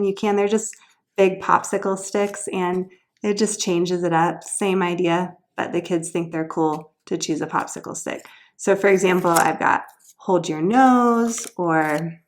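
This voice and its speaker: A woman sharing homeschool tutoring ideas in a casual, upbeat instructional video, explaining each activity and then showing how it goes. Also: fairly low pitch.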